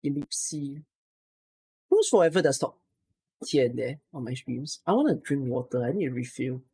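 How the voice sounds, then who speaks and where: A tired streamer reading out follower names on a live stream, chatting casually and getting emotional and excitable, close to tears. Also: mid-range voice, normal speed, slightly rough.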